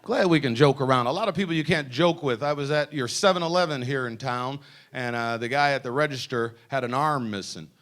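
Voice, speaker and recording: A man's voice: medium pitch, fairly quick, a bit bright. A man performing a stand-up comedy routine at a party, joking and teasing the audience. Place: party venue with a live audience.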